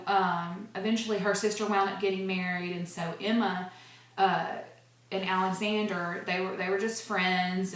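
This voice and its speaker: Earnest, low-pitched woman book reviewer, halting and heartfelt, recorded in a very echoey room. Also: fairly bright tone. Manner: earnest, gushing, many fillers and restarts.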